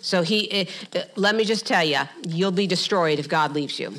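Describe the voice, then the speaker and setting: Bright, forceful middle-aged woman preaching. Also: fairly low pitch, normal speed. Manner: animated preaching with humorous asides; acts out quoted voices in passing. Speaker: pastor. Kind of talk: sermon.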